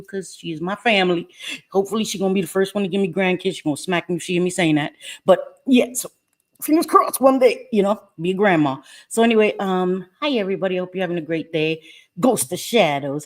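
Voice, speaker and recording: On her livestream, the host, a woman with a lower-pitched voice, keeps the talk casual and chatty, calling out viewers by name and frequently breaking into laughter.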